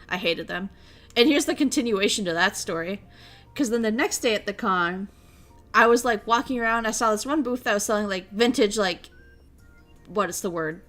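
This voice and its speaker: A woman's voice: mid-range voice, fairly bright tone. A young woman from Minnesota, a streamer telling stories in casual chat, rambling and swearing freely. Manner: rambling, profane storytelling.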